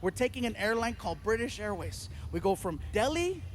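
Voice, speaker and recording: A male stand-up comedian telling a story on stage, animated and acting out the voices of the people in it. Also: sits high, fairly quick.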